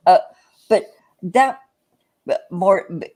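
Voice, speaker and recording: Woman rambling thru a story, kinda low voice, lots of restarts. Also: slow pace, mellow. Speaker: live stream chat participant. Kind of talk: casual chat.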